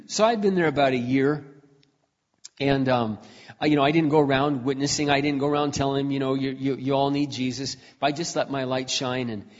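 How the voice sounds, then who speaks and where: Throat-clearing man preaching in a hall. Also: medium pitch, a little fast. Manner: conversational storytelling, frequent throat clearing. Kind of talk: sermon testimony storytelling. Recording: dull recording in a reverberant hall.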